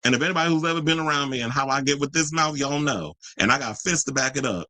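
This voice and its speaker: A man's voice: a little high, quick pace, pushed and bright, no echo, poor audio. A man hosting a live-stream commentary show, ranting profanely and arguing straight with his viewers. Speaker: host.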